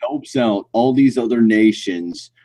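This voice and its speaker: A man's voice: mid-range voice, measured pace, creaky, warm tone. A man co-hosting a podcast, angry and indignant, swearing constantly. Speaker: podcast co-host. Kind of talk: casual profane chat.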